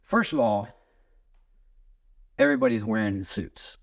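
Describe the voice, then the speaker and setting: Man, podcast guest, low voice, rambling animated storyteller, casual swearing. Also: measured pace, vocal fry.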